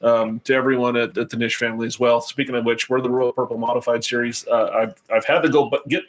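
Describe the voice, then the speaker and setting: A man's voice: mid-range voice, flat delivery, quick pace. An older man hosting a casual live racing stream, joking and rambling with crude asides. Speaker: host.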